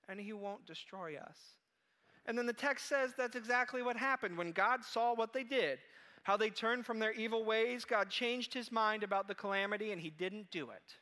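A man preaching a sermon, telling a story in a lively way and acting out the quoted voices. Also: high-pitched, moderate pace, big-room sound. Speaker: pastor.

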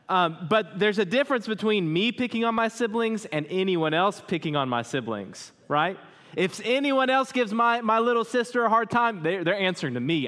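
Male pastor, thirties, slightly high voice, conversational sermon, long hall reverb. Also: a bit bright. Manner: conversational, asks the congregation questions.

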